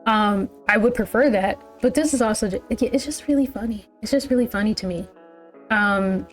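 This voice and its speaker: A woman's voice: medium pitch, normal speed. A woman hosting a music reaction video, talking in a casual, rambling way full of fillers and restarts. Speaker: music reaction channel host.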